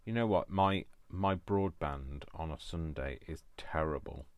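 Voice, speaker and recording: A man's voice: a bass voice, measured pace, lo-fi sound. A man hosting a live crafting demonstration from home, chatting in a rambling, self-deprecating way with many fillers. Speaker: craft video host.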